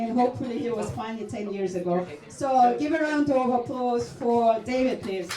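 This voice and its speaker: A woman's voice: fairly high pitch, moderate pace, few pauses, dark tone, faint music behind. Woman, event host, upbeat, distant, echoey room, crowd noise. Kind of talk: live event hosting.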